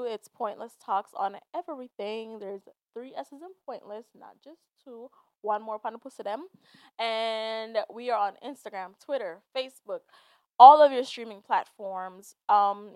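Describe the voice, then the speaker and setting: A woman's voice: a little high, dry recording. A woman hosting a solo podcast, talking in a casual, chatty rant full of "like"s. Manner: chatty and animated, many "like"s and frequent laughs. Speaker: podcast host.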